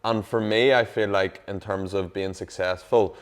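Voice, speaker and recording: Host guy, low voice, chatty and loose, swears a bit. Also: fairly even intonation, normal speed. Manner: conversational, frequent fillers, swears casually. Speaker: podcast host. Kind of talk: casual chat.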